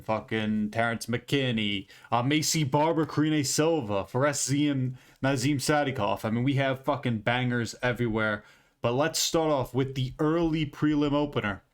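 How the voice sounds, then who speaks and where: A man casually giving fight predictions from his office, swearing often and mocking himself as he rambles through the card. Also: medium pitch. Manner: profane, self-mocking, rambling. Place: home office.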